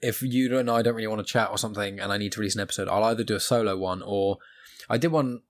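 Give me a quick, low-voiced young man hosting his podcast. He chats casually and loosely, restarting his sentences as he goes. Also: steady tone. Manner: chatty, rambling with restarts. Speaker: podcast host.

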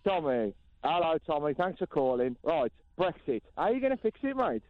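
A man's voice: a little high, sing-song, fairly quick, no echo. A brash man with a Black Country accent fronts a late-night phone-in, his voice swinging up and down with showy energy. He hurries callers along and brushes them off with impatience. The sound is dry and a little muffled, like a broadcast feed. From Black Country, England. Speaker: radio phone-in host. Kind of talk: comedic radio phone-in hosting. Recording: dry, slightly muffled radio audio.

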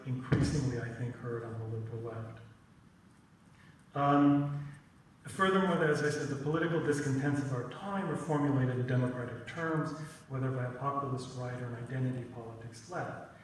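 A man giving a talk at a teach-in, halting and repeating words, with many ums and tag questions. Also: mid-range voice, a little hiss or hum. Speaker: teach-in speaker. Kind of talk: lecture with frequent fillers. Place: lecture room. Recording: echoey room, mic far off.

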